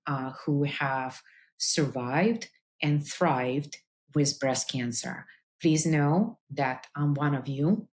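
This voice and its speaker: A woman cardiologist hosting a health podcast, speaking earnestly to listeners with frequent "uh" fillers. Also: low-pitched. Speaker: integrative cardiologist, podcast host. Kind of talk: personal health talk to listeners.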